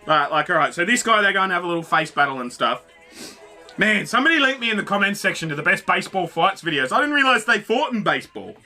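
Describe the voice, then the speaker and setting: A man hosts a reaction video, with a high, very bright and cutting voice. He is excitable, swears freely and talks straight at the screen, with faint music under him. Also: fast talker. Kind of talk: casual reaction commentary.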